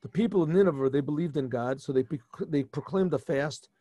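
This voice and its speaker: Rabbi retelling a story, mellow voice. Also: male voice, a little high, fairly quick, no room sound. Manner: animated retelling with frequent restarts and asides. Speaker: rabbi teaching a yeshiva class. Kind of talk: informal storytelling lesson.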